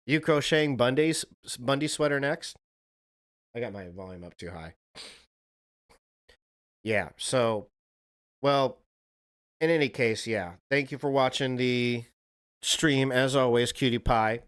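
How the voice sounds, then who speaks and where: A man's voice: medium pitch, takes it slowly, pauses often, a bit bright, clear, resonant tone. A man live-streaming a casual reaction chat, rambling, swearing and talking to a viewer in chat.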